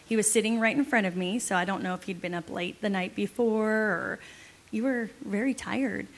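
A woman telling an amused, lively story to an audience alongside her husband. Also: medium pitch, normal speed. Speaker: wife co-presenting with her husband.

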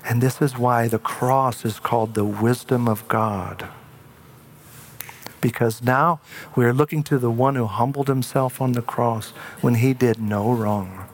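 A man's voice: mid-range voice, measured pace. A middle-aged man, a pastor, preaching a sermon with earnest storytelling that halts on fillers in personal stories.

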